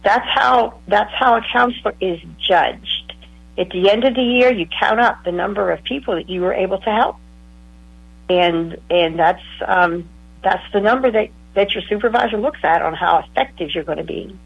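A woman's voice: medium pitch, moderate pace, vocal fry, husky, no room sound, lo-fi sound. A woman, a former counselor, casually telling stories from her work and acting out the people in them. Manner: retells conversations, acting out the other voices. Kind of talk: casual storytelling talk.

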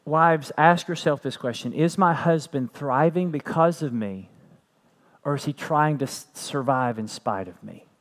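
A man's voice: a little high, unhurried. A man preaching a sermon as pastor, earnest, repeating phrases and building to emphatic peaks.

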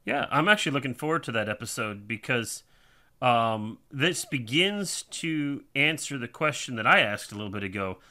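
A man's voice: mid-range voice, animated, bright, forceful tone. A man co-hosting a podcast, chatting casually about a TV series in a thoughtful way with many ums. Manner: thoughtful, with many ums and some quick bursts. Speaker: podcast co-host.

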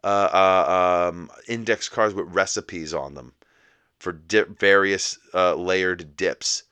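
A man's voice: low-pitched, slow pace, pushed and bright, smooth, no room sound. A young man hosting a podcast, ranting in mock outrage about small annoyances. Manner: exasperated, mock-indignant ranting. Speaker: podcast host. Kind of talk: comic solo rant.

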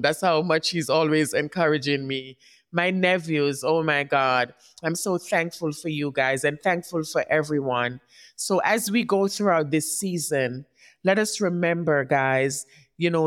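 A woman hosting a podcast who gives a heartfelt motivational talk. She speaks straight to her listeners and often checks in with "right?". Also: fairly low pitch. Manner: warm encouraging, speaks directly to listeners, often asks "right?". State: tearing up. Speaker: podcast host.

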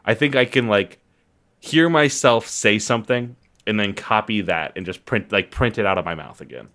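A man's voice: fairly low pitch, normal speed, fairly bright tone. A young man co-hosting a podcast in casual comedic chat, loose and playful, laughing often. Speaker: podcast co-host.

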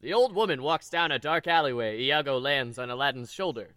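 A woman's voice: extremely low pitch, a little fast, a bit bright, no echo. Playful woman reading stage directions. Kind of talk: casual chat and stage directions at a table read. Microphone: remote call mic.

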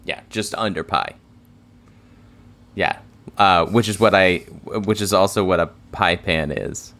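A man's voice: low voice, measured pace, fairly bright tone. A man co-hosting a casual podcast in a dry, teasing way, laughing often. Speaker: podcast co-host. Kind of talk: casual chat.

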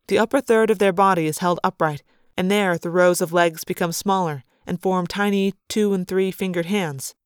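A woman reads a science-fiction story aloud in first person, leaning into the action with dramatic energy. Her voice is smooth and resonant, on the lower side. The recording is close and dry, with no room sound. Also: fairly even intonation, normal speed, hardly any pauses, dry recording. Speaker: audiobook narrator.

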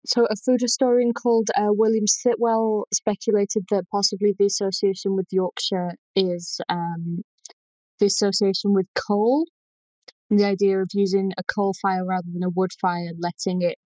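A woman's voice: medium pitch, flat delivery, moderate pace, darkish tone, dry recording, poor audio. A woman with a Lancashire accent explaining food history in a casual chat, thoughtful and full of ums. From Lancashire, England.

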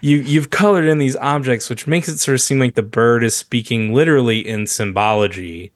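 A man co-hosting a casual comedy podcast, rambling and halting, with frequent laughs. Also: medium pitch, no room sound, studio quality. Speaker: podcast co-host.

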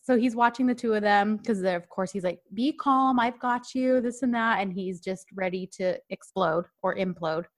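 A woman's voice: medium pitch, moderate pace, hardly any pauses, dry recording, clean studio sound. A woman in casual chat, recapping a TV episode and acting out the characters' lines. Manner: animated, acts out scenes in quoted voices. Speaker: podcast co-host.

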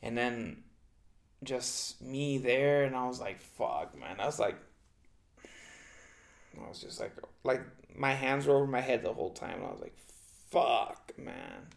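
A man talks loosely in a casual chat. His voice is gravelly, with a rough fry on it. He vents with plenty of swearing and acts out what he said to himself. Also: mid-range voice, moderate pace, long pauses. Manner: profane, animated venting with quoted self-talk. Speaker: podcast co-host, football fan.

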